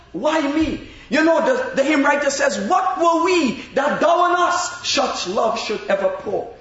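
A man preaching a sermon in a slow, emphatic way with long pauses. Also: very high voice, a bit bright. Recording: very echoey, dull-sounding room.

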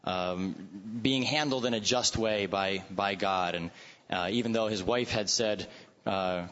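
Low-voiced man in a reverberant hall. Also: a little slow, a bit bright. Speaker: Bible study speaker. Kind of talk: Bible study discussion. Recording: dull recording with long hall reverb.

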